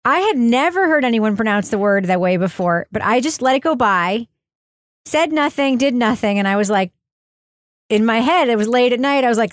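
Laughing higher-voiced podcast woman. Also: animated, normal speed, dry recording, studio quality. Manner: laughs often, teasing. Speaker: podcast co-host. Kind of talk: casual chat.

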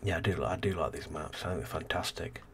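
A man's voice: sits low, fast talker, vocal fry, a little hiss or hum. A man casually commentating a city-building game as host, rambling and thinking aloud, tired and yawning. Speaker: let's play host.

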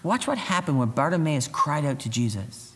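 His pitch sits a little high and his speed is normal as this pastor gives a youth sermon. He talks in a spirited, conversational manner, impersonating the figures in the tale he tells.

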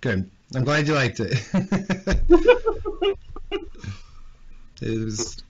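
Brief: relaxed male co-host, mid pitch, lively intonation, lo-fi call audio. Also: drawn-out words, slight background noise. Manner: easygoing, short agreeing replies. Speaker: podcast co-host. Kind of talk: casual podcast chat.

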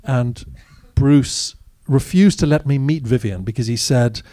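A man's voice: medium pitch, unhurried, dark tone, dry recording. A man, an actor as guest, telling candid, wry anecdotes in a live audience Q&A at a cinema. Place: cinema stage after a screening.

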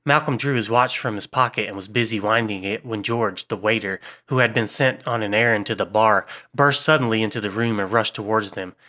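A man giving a measured, scripted narration of a horror story as an audiobook reader. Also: fairly low pitch, sharp tone.

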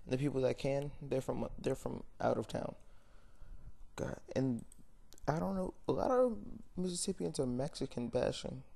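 A man's voice: medium pitch, normal speed, gravelly, mellow. A young man ranting casually to camera, blunt and rambling, often stopping to correct himself. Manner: rambling, blunt, frequent fillers and self-corrections. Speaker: vlogger. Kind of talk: unscripted rant to camera.

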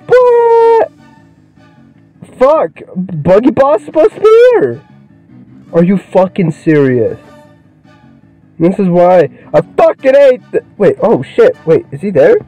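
Young guy yelling and cussing at a game, high voice, muffled cheap mic, game music behind. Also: slow, long pauses. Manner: excitable, swears constantly, yells at the game. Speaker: gaming video creator. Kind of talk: let's play commentary.

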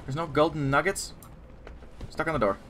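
A man's voice: a little high, moderate pace, fairly bright tone, slight background noise. A man hosting a game playthrough, chatting casually and bantering playfully with his co-player. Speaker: let's play host. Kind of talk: casual gameplay chat.

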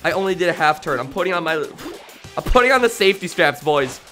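This gaming streamer commentates live on his own play in a bright, forceful voice whose pitch leaps around constantly. Jokey and excitable, he lets out loud yelps, then sinks into low mumbles, moving at a brisk clip. Faint game music sits underneath.

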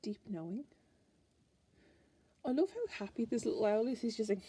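A woman's voice: a little high, big pitch swings, measured pace, pauses often, mellow, breathy edge. An Irish woman chatting casually as she flips through a card deck, musing aloud and restarting her sentences. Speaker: tarot card reviewer.

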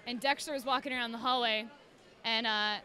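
A young woman chatting as a podcast guest, telling animated stories and acting out quotes in voices. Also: on the high side, a little fast, faint music behind, some chatter behind. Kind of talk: casual chat.

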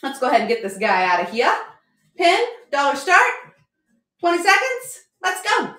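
A woman's voice: high voice, huge pitch swings, moderate pace, bright, forceful tone. A woman selling decor in a live auction stream, chatty, upbeat and joking as she goes. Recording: roomy echo.

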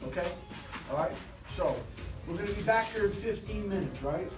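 A man leading a live motivational sales seminar, animated and rousing, constantly quizzing his audience, recorded from a distance in an echoey training room. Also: high voice, normal speed, over music. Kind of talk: live seminar talk to a class. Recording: echoey room, distant mic, faint hiss.

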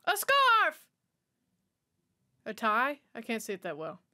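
A woman's voice: a little high, huge pitch swings, takes it slowly, pushed and bright, slight background noise. A woman giving a chatty, sassy running commentary while watching a film. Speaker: movie watch-along host.

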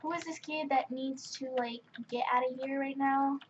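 High-voiced woman commenting on a game. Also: steady tone, normal speed, slight background noise. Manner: chatty, exasperated running commentary. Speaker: gaming channel host. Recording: dull lo-fi mic with faint keyboard clicks.

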